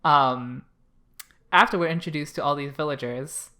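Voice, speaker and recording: A podcast co-host talking about an anime episode in a casual, animated way, full of fillers and swearing. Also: medium pitch, normal speed. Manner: chatty, animated, many fillers and acted asides. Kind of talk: casual anime review chat.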